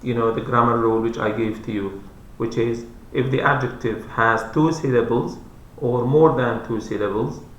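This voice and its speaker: Slow, patient man teaching grammar. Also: mid-range voice, fairly bright tone. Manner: slow, repetitive, spells out letters. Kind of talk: explaining grammar lesson. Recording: roomy echo.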